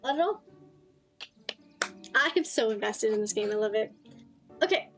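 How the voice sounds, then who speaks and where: High-voiced, excitable streamer woman. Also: normal speed, faint music behind. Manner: excitable, swears freely, reacts loudly to the game. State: tired, slightly strained voice. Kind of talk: casual gaming livestream chat.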